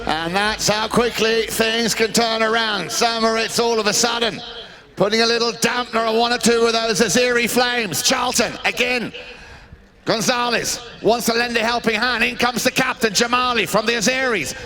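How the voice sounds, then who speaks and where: A man giving live polo commentary to a crowd, chatty and excitable, shouting out the big plays. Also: extremely high pitch, normal speed, music in the background. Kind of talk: live sports commentary over a PA. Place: outdoor snow polo ground.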